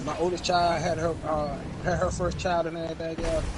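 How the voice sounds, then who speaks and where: A man's voice: on the high side, little pitch movement, a little fast, heavy background noise. A man in his forties, a gaming streamer, chatting casually and telling long rambling stories full of repeats. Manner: rambling, repetitive storytelling. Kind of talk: casual chat while gaming. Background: loud game music.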